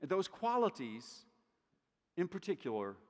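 A middle-aged man delivers a sermon in an earnest, conversational way, circling back on his words as he thinks aloud. His voice sits slightly high for a man. The sound carries a long reverb from a large church hall. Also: very animated, a little slow. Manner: earnest, conversational preaching with frequent restarts. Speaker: pastor.

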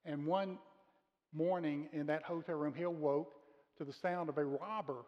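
A man delivers a sermon from the pulpit of a church sanctuary, speaking in an earnest, measured way. His voice sits somewhat high for a man, and he slows down to press on important words. The recording is dull and a little muffled, with a long reverb trailing off the walls. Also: steady tone. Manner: earnest, measured preaching with slowed emphasis on key words. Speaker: pastor. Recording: muffled sound with long reverb of a large room.

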